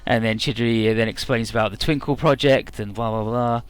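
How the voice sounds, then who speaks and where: A man's voice: fairly even intonation, brisk, clean tone, soft background music. A man doing comedic game commentary, summarizing the story in a sarcastic, crude way. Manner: jokey, mocking, squeaky falsetto for characters. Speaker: let's play commentator. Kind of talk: comedic retelling of game dialogue with put-on voices.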